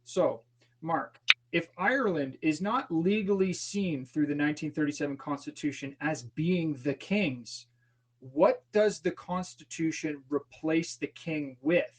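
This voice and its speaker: A man's voice: a little high, a little slow, low-quality recording. A man hosting a casual podcast discussion, rephrasing himself as he leads into his questions. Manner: leading questions, rephrases and restarts. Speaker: podcast host asking questions.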